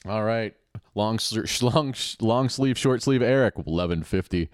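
A man with a fairly low voice narrates a game show episode as it plays, tossing in mocking jabs and quick asides. The sound is dry and close to the mic, like a home podcast setup. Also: lively intonation, clean tone, no echo. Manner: sarcastic, mocking running commentary with quick asides and laughs. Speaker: podcast host. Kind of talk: casual play-by-play of a TV game show.

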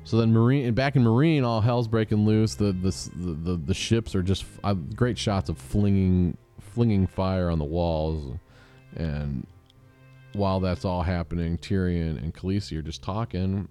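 Low, mellow-voiced man rambling through a recap. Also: steady tone, normal speed, soft background music. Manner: rambling, jokey, restarts often. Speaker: show host recapping episodes. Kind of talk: casual recap with mock quoted voices.

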